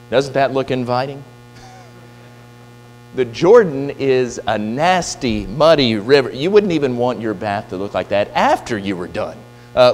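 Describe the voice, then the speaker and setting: Animated male preacher in reverberant hall. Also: mid-range voice. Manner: animated storytelling, voicing quoted figures. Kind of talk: sermon retelling a Bible story. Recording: distant reverberant hall with faint hum.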